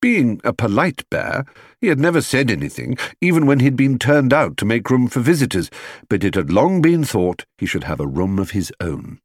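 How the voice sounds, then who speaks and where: A man reading a children's storybook aloud as scripted audiobook narration, lively and expressive. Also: medium pitch, normal speed, slightly rough, no echo, clean studio sound. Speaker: audiobook reader.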